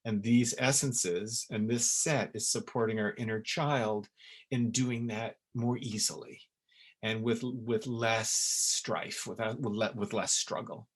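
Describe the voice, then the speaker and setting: A man's voice: on the low side, steady tone, takes it slowly. A middle-aged man giving a spoken webinar talk on emotional healing, earnest and emphatic, and he repeats words for stress. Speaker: essence maker giving a webinar.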